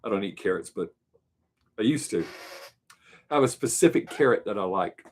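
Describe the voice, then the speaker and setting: A man's voice: fairly low pitch, animated, quick pace. A man hosting his weekly live stream, chatting casually with viewers in a musing, rambling, joking way.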